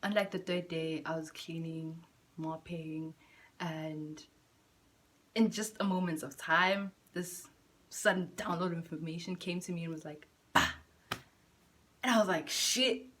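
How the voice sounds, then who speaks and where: A young woman vlogging from home in candid, profane, slang-filled chat, jumping between loud bursts and soft near-whispers. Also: on the low side, steady tone, moderate pace. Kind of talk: casual chat to camera.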